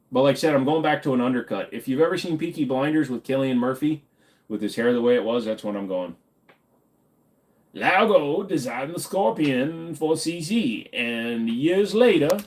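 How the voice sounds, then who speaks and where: A man hosts a casual livestream, reading chat questions out loud and answering them in an offhand, joking manner. His voice is medium-pitched and slightly mellow, picked up by a desk microphone.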